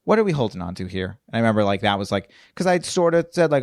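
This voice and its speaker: A man's voice: fairly low pitch, big pitch swings, racing, hardly any pauses, no room sound, studio quality. A man who is a comedian, a guest on a podcast, telling wry, self-deprecating stories in casual chat.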